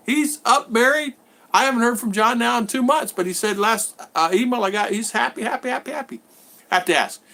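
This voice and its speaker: A man's voice: high voice, fairly bright tone. A man hosting a casual live stream from his home in the Philippines, rambling and repeating himself while greeting viewers by name.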